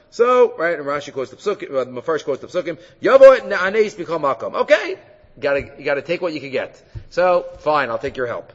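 Man, lively Talmud teacher, slightly high voice, dull recording with long reverb in a hall. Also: fairly quick. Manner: animated, mixes English with Hebrew and Aramaic, many fillers. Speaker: Torah teacher. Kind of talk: Talmud lecture.

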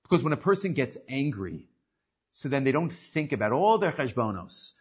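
Man teaching an animated religious class. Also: mid-range voice, moderate pace, slightly rough. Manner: animated storyteller with frequent restarts. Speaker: Torah teacher. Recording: muffled lo-fi recording.

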